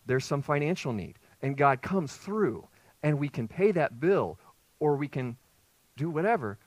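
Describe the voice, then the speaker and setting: Animated man preaching a sermon. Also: fairly high pitch, measured pace, dry recording, rough recording. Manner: lively, conversational preaching with rhetorical questions. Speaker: pastor. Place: church sanctuary with congregation.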